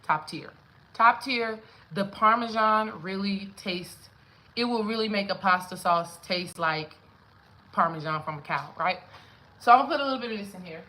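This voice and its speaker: A woman's voice: medium pitch, normal speed, pushed and bright, poor audio. A young adult woman cooking at home on camera, chatting casually with her viewers, singing along to songs and laughing as she goes. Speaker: spiritual coach cooking on camera. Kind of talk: casual cooking vlog chat.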